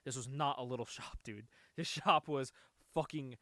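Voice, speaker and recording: A man hosting a casual comic-book podcast, telling excited, profane stories and laughing often. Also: medium pitch, normal speed, no room sound, studio quality. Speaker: podcast host. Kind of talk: casual chat.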